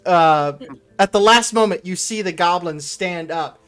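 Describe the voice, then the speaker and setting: Slow, relaxed game master, a man. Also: sits high, clear, resonant tone, soft background music. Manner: relaxed, casual, swears now and then. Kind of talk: narrating a tabletop game.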